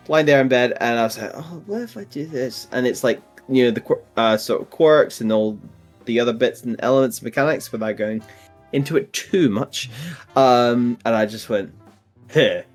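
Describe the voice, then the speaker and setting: A man co-hosting a casual podcast, talking in an easygoing, hesitant way with short replies and quiet laughs. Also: mid-range voice, fairly even intonation, moderate pace. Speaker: podcast co-host. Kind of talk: casual chat. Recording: faint music behind.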